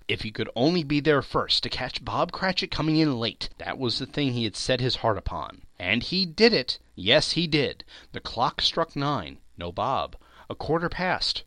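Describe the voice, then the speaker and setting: A man narrates a classic tale as a dramatic reading, telling it expressively. His pitch rises and falls in lively swings, at an ordinary middle height for a man. The recording is dry and close. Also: normal speed, no room sound. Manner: expressive storytelling with emphatic swings. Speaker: podcast host and reader.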